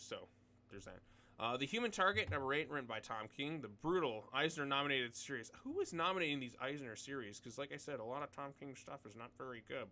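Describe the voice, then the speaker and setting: A man's voice: medium pitch, bright, forceful tone. A young man hosting his own video, casually reading comic solicitations aloud and rambling through blunt opinions with plenty of fillers.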